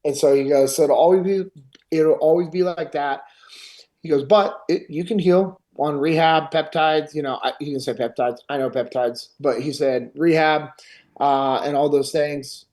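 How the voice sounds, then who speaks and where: A man's voice: a little high, normal speed. Man animatedly retelling a story. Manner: animated retelling, acts out others' lines. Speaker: podcast host. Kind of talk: casual storytelling.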